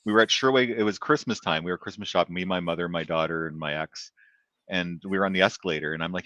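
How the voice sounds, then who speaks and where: A man's voice: low-pitched, quick pace, no room sound, highs cut off. A man hosting a podcast, telling anecdotes casually and acting out the people in them. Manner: animated anecdote teller who acts out quotes. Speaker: podcast host. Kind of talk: casual chat.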